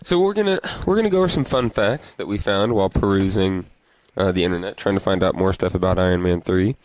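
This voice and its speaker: Low-voiced man chatting over beers. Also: quick pace, a little hiss or hum, poor audio. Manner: relaxed, rambling, reads beer labels aloud. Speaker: podcast co-host. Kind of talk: casual chat.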